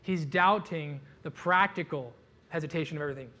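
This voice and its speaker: A man delivers a sermon like a relaxed storyteller, cracking jokes and piling on casual fillers. His voice sits a little high for a man. The tone stays conversational rather than formal. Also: a little fast. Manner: casual, joking, animated storytelling with many "like" fillers. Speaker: pastor.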